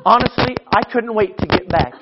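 A man's voice: high-pitched, lively intonation, fairly quick, highs cut off, very noisy. A male pastor preaching a storytelling sermon with self-mocking humor, often stammering and restarting his phrases. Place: church sanctuary.

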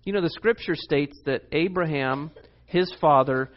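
A man delivers a sermon in a high, bright voice. He is animated and emphatic, pausing to read verses and explain them. The recording is muffled and lo-fi. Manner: animated, emphatic, reads scripture aloud. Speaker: pastor.

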